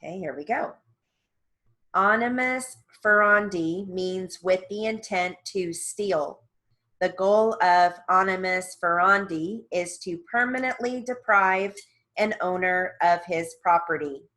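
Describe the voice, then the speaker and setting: Slow, low-voiced woman reading dictation. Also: fairly bright tone. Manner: measured, deliberate, clearly enunciated reading. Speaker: dictation reader for court reporters. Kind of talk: steno dictation practice reading.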